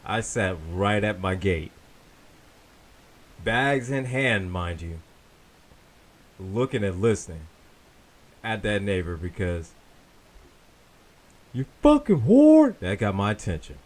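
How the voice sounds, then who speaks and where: A man co-hosting a casual talk show, telling a story in an animated, repetitive way. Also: sits low, slow pace, long pauses. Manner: animated, repeats himself, lively storyteller. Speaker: podcast co-host.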